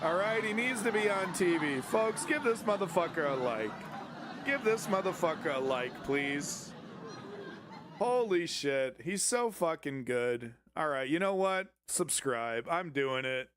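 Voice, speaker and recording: A man co-hosting a news show, reacting excitably and profanely, often repeating and stumbling over words. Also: high voice, unhurried, noisy background. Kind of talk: casual reactive commentary.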